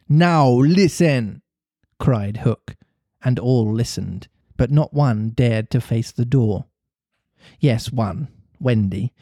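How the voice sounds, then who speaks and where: A man narrating a classic children's story aloud in a measured, expressive reading voice. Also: medium pitch, no room sound, studio quality. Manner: measured, expressive reading with occasional laughing asides. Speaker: reader of a classic novel on a podcast.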